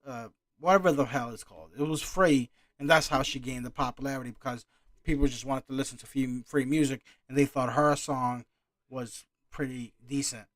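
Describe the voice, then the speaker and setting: A man's voice: mid-range voice, fairly even intonation, moderate pace, no room sound. A man ranting through a casual reaction commentary, annoyed and swearing often. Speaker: reaction streamer.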